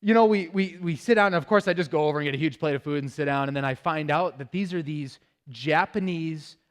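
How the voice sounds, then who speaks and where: Veteran guest speaker, male, fairly high voice, lively storyteller who laughs at himself. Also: a little fast. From Minnesota. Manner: animated, self-deprecating, laughs while telling. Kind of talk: humorous storytelling talk.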